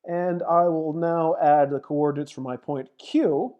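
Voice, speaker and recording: A woman's voice: sits low, steady tone, measured pace, lo-fi sound. A woman lecturer walking through a math problem on screen, methodically thinking aloud as she types and reads out long numbers. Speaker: mathematics lecturer. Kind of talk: screen-recorded lecture walkthrough.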